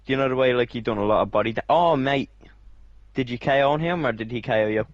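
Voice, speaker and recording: Sweary lad gaming. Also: male voice, medium pitch, fast, dry recording, lo-fi sound. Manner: sweary, teasing, says mate constantly. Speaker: gamer. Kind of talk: casual gaming banter.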